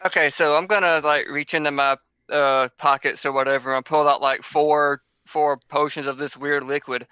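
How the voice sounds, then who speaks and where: A man's voice: fairly high pitch, steady tone, moderate pace, bright, forceful tone, smooth, dry recording. A man playing a tabletop game, describing his moves with many fillers. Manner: hesitant, filler-heavy. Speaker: player. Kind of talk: casual tabletop role-play. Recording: dull lo-fi mic.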